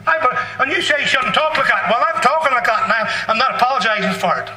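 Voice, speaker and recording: Fervent high-voiced preacher in an echoey hall. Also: male voice, lively intonation, fast talker. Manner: fervent, blunt and folksy, bursting into shouts. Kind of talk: sermon. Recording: echoey hall, distant mic.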